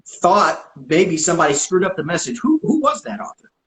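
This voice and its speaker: A man hosting an interview, asking relaxed questions with a joking edge. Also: a little high, moderate pace. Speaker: interview host. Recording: echoey room sound.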